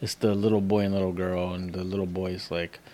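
A man's voice: sits low, level tone, fairly quick, dark tone. A man co-hosting a podcast, telling rambling anecdotes in laid-back casual chat. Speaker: podcast co-host.

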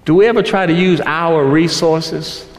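A man preaching a sermon, building to shouts and slowing down for emphasis. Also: on the high side. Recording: roomy hall with long reverb.

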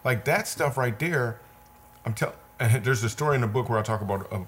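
A man's voice: medium pitch, brisk, fairly bright tone, a little hiss or hum. A man, a comedian guest, telling a personal story in an earnest, repetitive, vivid way. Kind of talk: conversational storytelling.

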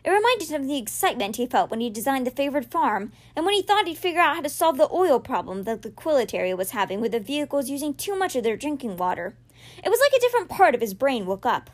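A woman hosting a podcast, reading a children's novel aloud with expressive storytelling. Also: on the high side. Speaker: podcast reader.

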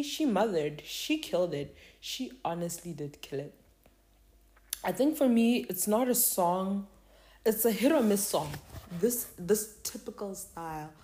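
A woman's voice: mid-range voice, darkish tone. A woman talking casually to camera, rambling and slangy as she reviews music. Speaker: K-pop reviewer.

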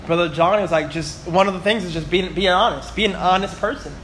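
Young man, high voice, talkative class teacher, storytelling, faint background noise. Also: a little fast, a bit bright. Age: 20s. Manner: chatty, storytelling, peppers talk with "you know" and "right?".

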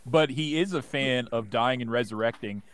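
A man's voice: medium pitch, moderate pace, fairly bright tone, slight background noise. A man co-hosting a casual talk show who teases and jokes alongside his partner. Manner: joking, teasing interjections. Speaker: podcast co-host. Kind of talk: casual chat.

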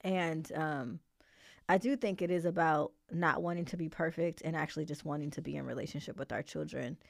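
A woman hosting a casual interview, speaking reflectively with frequent pauses and ums. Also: sits low, creaky, no echo, clean studio sound. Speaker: podcast host.

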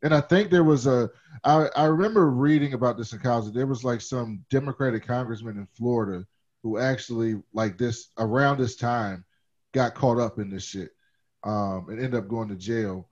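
A man's voice: mid-range voice, moderate pace, a little mellow. Chatty man on a dull lo-fi recording. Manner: chatty, digressive, swears casually. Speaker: podcast co-host. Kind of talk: casual movie discussion. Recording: dull lo-fi sound.

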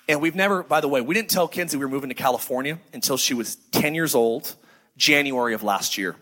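A man's voice: medium pitch, fast, sharp tone. A middle-aged man preaching a sermon to a congregation, telling stories casually and acting out the voices of the people in them. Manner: conversational storytelling, acts out quoted voices. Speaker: pastor. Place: church sanctuary before a congregation. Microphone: handheld microphone.

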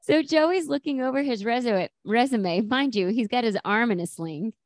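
Female co-host, slightly high voice, dry recording, animated storyteller. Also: normal speed, dry recording. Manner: animated retelling, quoting characters in lively voices. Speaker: podcast co-host recapping a sitcom episode. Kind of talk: casual chat.

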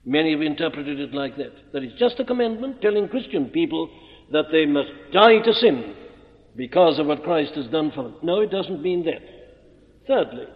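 A man preaching an expository sermon, emphatic and deliberate, posing rhetorical questions and answering them. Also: fairly high pitch, expressive. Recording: muffled old recording in a reverberant hall.

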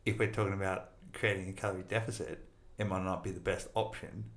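Deep-voiced man coaching, echoey room. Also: quick pace, creaky. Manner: relaxed, advisory, filler-heavy. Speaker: nutrition coach, host. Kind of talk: casual interview chat.

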